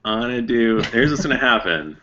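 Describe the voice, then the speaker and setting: Bright, lively teasing man. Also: medium pitch, fairly quick. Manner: teasing, playful. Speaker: game organizer on a podcast. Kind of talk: casual chat among friends. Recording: muffled lo-fi recording with faint noise.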